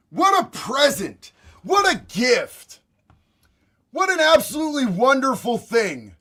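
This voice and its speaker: A man streaming reaction commentary in a profane, gleeful, often shouted way. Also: very high voice.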